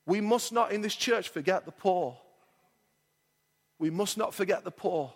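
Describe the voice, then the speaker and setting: A male pastor preaching a sermon, emphatic and repetitive, slowing down to stretch out his key lines. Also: sits high. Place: church hall. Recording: long reverb of a church hall.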